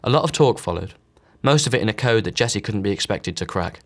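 A man reads a novel aloud in a low, steady voice. He gives each character only a slight change of voice. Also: fast talker. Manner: reads all characters with small voice shifts. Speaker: audiobook narrator. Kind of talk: scripted narration.

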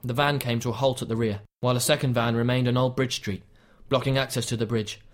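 Man narrating an audiobook, measured. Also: mid-range voice, fairly even intonation. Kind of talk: scripted narration.

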